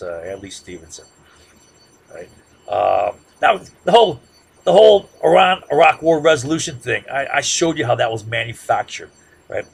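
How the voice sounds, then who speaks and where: A man giving a classroom lecture in a conversational way, often checking in with "right?" and growing loud and heated as he makes his points. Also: medium pitch, creaky, husky. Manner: conversational, peppers sentences with "right?"; gets loud and heated when making a point.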